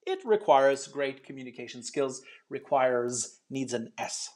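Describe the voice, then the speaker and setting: A man's voice: medium pitch, expressive, a little slow, darkish tone. A man teaching an online English pronunciation lesson, chatty and encouraging, explaining step by step with frequent ums.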